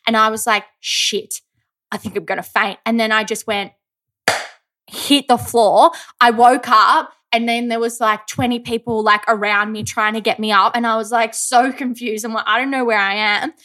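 A woman's voice: on the high side, fairly even intonation, normal speed, sharp tone. A young woman co-hosting a podcast, telling a story in chatty, casual talk with some swearing. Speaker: podcast co-host. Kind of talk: casual chat.

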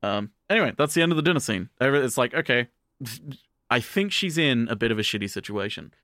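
A man's voice: medium pitch, lively intonation, quick pace, sharp tone, no room sound, studio quality. A man co-hosting a podcast, retelling an anime episode in a rambling, profane, casual way. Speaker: podcast co-host.

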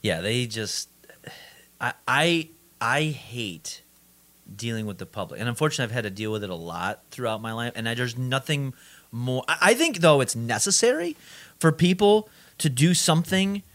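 Animated, lively-voiced man telling stories. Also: mid-range voice, normal speed, no echo. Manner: animated, swearing storyteller with frequent restarts. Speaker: podcast co-host. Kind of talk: casual chat.

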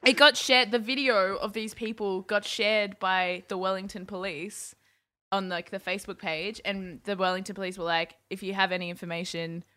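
A woman's voice: mid-range voice, fairly even intonation, normal speed, bright, forceful tone. A woman co-hosting a podcast, telling stories in a sardonic, casual comedic way. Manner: storytelling, sardonic. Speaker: podcast co-host.

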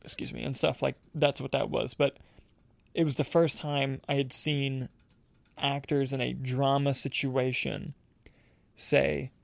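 A man's voice: mid-range voice, flat delivery, measured pace, gravelly, dry recording. A young man hosting a casual podcast, rambling and restarting his sentences often, with frequent laughter. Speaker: podcast host and filmmaker.

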